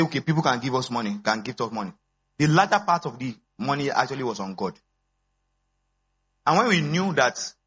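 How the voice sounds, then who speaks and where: An animated pastor in his thirties, a man with a bright, husky voice. His sermon jumps between quiet asides and high exclamations. The church recording sounds dull and lo-fi.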